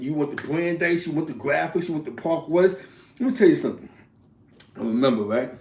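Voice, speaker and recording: A man's voice: fairly high pitch, fairly quick, darkish tone, slight background noise. Echoey, slangy New York man telling stories. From New York, East Harlem. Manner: rambling, slangy, punctuated with "you know what I'm saying" and laughs. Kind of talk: casual storytelling.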